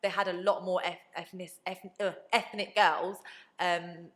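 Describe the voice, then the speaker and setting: A woman's voice: on the low side, unhurried. A woman in her twenties, a podcast guest telling stories in a casual chat, acting out what other people said. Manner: animated storytelling, acts out quoted people.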